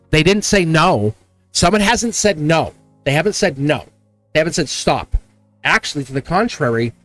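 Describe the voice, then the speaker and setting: Animated higher-voiced man reading tarot. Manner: animated, repetitive, chuckling. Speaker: tarot reader.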